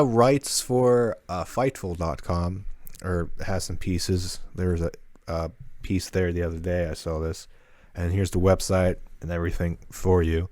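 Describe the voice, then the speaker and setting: A man's voice: low voice, no echo, clean studio sound. A man co-hosting a casual podcast, rambling through notes with many fillers and restarts. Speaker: podcast co-host.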